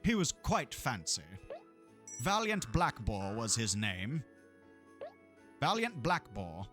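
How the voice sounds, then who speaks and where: Male streamer, mid-pitched, casual and sweary, faint game music behind. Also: sing-song, slow, a bit bright. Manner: profane, rambling, laughs often. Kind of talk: casual gameplay chat.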